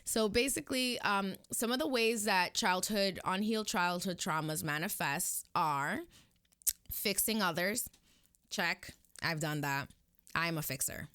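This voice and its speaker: A woman's voice: on the low side, measured pace, fairly bright tone, clear, resonant tone, dry recording, clean studio sound. A young woman with a Caribbean Spanish accent talking casually to her viewers, rambling and going off on tangents. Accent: Hispanic Caribbean. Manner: chatty, rambling, addresses viewers directly. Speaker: vlogger. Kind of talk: casual personal vlog talk.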